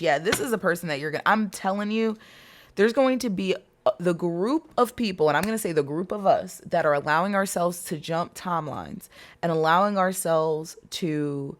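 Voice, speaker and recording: A woman with a low, deep-set voice gives a tarot reading straight to her viewers. She talks in a loose, chatty flow, circling back to her points and repeating them for emphasis. Her swearing is casual and unfiltered. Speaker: tarot reader.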